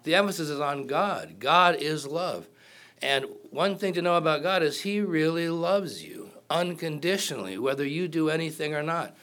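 A pastor preaches a conversational sermon, posing questions to the congregation and cracking jokes. His fairly high, slightly bright voice is animated and moves at a normal speed.

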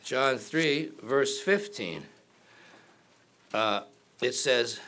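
A man's voice: medium pitch, animated, drawn-out words, pushed and bright, a little hiss or hum. A man preaching a sermon in a conversational way, asking the congregation questions and cracking jokes. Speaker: pastor.

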